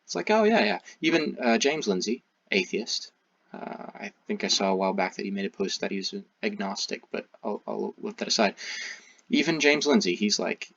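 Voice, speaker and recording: Low husky-voiced man commentating. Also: expressive, fairly bright tone, dry recording. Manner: hesitant, halting with restarts. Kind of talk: critical commentary. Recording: dull, muffled recording.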